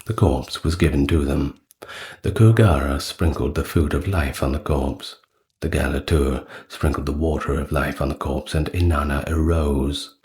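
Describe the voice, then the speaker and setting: A man narrating old myths in a soft-spoken, calm ASMR storytelling style. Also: very deep voice. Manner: slow, calm, even reading of ancient myth.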